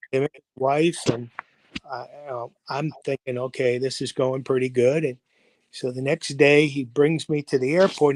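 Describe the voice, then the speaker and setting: On a poor-quality video call livestream with slight background noise, a US football coach in his seventies speaks in a mid-range, fairly bright voice. He tells long, meandering interview anecdotes, full of fillers and acting out the quoted lines.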